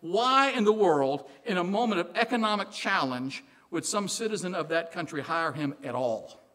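A man from Illinois with a Southern accent, preaching a sermon in an animated, joking way, dropping quiet for emphasis. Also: high-pitched, normal speed. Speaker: pastor.

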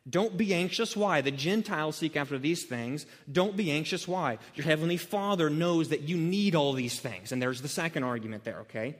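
A man preaching an expository sermon, emphatic and repetitive, swinging between loud urgency and hushed earnestness. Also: on the high side, lively intonation, moderate pace, hardly any pauses. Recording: long hall reverb.

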